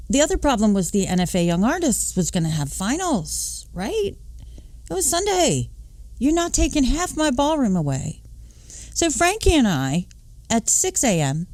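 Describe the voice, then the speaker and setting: A woman in her late fifties, a podcast host from the Philadelphia and New York area, telling a personal story in an animated way. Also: dry recording. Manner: animated, acting out dialogue with big pitch swings.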